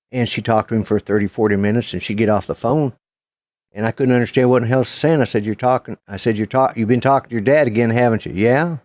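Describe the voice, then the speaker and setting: A man in his sixties from Colorado, with a Southern American accent tinged by Oklahoma, hosts a live stream and tells long, rambling stories with casual swearing. His mid-range voice is a little mellow, and the recording is dry.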